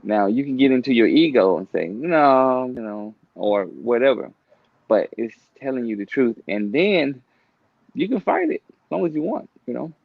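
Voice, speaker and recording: A man's voice: mid-range voice, big pitch swings, normal speed, vocal fry, no echo. A male host in a casual chat, talking loosely with lots of filler and frank swearing. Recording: dull lo-fi recording.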